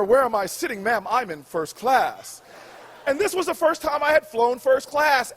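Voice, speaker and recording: Booming high-pitched man telling a story. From United States. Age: 40s. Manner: booming, shouted punchlines with preacher-like call and response. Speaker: commencement speaker. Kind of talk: humorous storytelling speech. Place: outdoor graduation ceremony stage.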